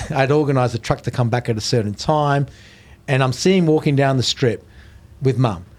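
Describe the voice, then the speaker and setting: A man's voice: mid-range voice, normal speed. A middle-aged man, a podcast guest telling stories in casual chat. He swears freely and acts out the voices of people in his stories. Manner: animated storyteller, swears, acts out quoted voices.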